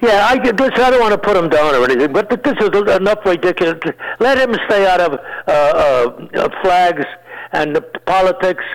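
An elderly man in his nineties chatting on a radio show, his voice sitting high for a man. He rambles from joke to joke, loses words and trails off, then chuckles at his own punchlines, all over a radio broadcast sound. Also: expressive, normal speed, rough recording. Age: 90s. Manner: rambling, joking, searches for words, laughs at own jokes. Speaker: comedian guest. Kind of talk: casual joking chat.

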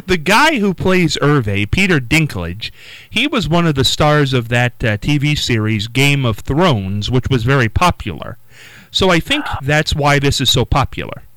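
A man's voice: medium pitch, sing-song, normal speed, a bit bright, dry recording, rough recording. A man hosting a talk show, prompting his guest with hesitant questions. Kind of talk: casual interview chat.

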